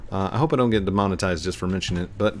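A man's voice: low voice, very fast, slight background noise. A man with a rural Missouri twang, rambling and chatting through casual gameplay commentary as a gaming channel host, often mocking himself with a chuckle. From Missouri, USA. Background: faint game music.

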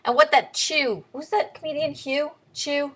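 A young woman vlogs in a casual, blunt way, her voice bright and forceful. She sits on the higher side for a woman and leaps even higher whenever she mimics someone. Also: a little slow. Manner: blunt, animated, swinging pitch way up for quoted voices. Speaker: vlogger. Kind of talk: casual video diary.

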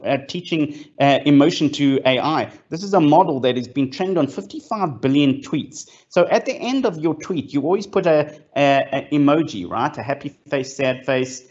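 A man's voice: a little high, a little mellow. Man presenting on a call. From South Africa. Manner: enthusiastic with frequent fillers and restarts. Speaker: guest speaker. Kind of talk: presentation in a fireside chat. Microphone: video call. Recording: lo-fi online call audio.

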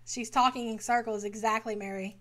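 Brief: woman reaction host, blunt and exasperated, a touch high-pitched. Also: fairly even intonation, brisk, a bit bright. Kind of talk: casual commentary.

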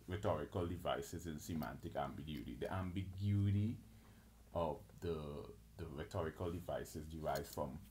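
Deep-voiced guy talking solo like a lecture, lists stuff, lots of restarts, slight hiss and clicks. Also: a little mellow. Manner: lists terms, restarts and stumbles often. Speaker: channel host.

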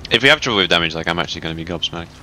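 A man's voice: low-pitched, lively intonation, rapid-fire, bright, forceful tone, slight background noise. A man, chatting casually and joking with heavy swearing while playing a raid with friends. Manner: profane, joking banter with frequent laughs. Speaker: gamer in a raid. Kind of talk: casual voice chat while gaming.

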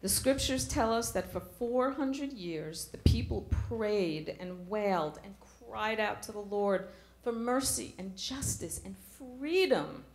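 A woman's voice: medium pitch, animated, slow, a little mellow. Middle-aged woman preaching in an echoey church. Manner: earnest, rhetorical questions to the congregation. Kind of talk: sermon.

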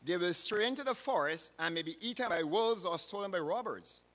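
A man's voice: sits high, lively intonation, fairly quick, fairly bright tone. A man voicing an honest young shepherd boy, earnest and steadfast in a sermon story, in a reverberant hall. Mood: firm, earnest.

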